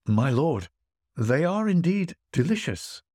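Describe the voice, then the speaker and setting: Man doing a courteous, hungry poor man, deferential, lively delivery, dry close sound. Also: on the high side, takes it slowly, no echo, pitched above the performer's own voice, exaggerated voice. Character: hungry, polite, quick-witted poor man. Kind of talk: storytelling voice acting.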